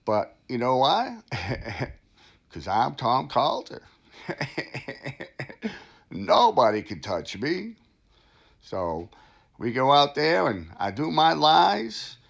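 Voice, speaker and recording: A man's voice: mid-range voice, huge pitch swings, drawn-out words, vocal fry, long pauses, muffled recording, heavily acted. A man playing a smug, boastful, crooked town official who brags about himself and laughs at his own lies. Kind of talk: satirical comedy monologue.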